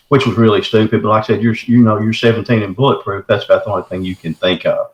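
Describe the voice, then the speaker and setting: An earnest middle-aged man tells his own story in a folksy, plain-spoken way. His voice sits fairly low. The recording sounds roomy, with a noticeable echo. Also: steady tone, fast, hardly any pauses. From Texarkana area, southern United States. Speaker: caller telling his encounter. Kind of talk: recounting a personal story.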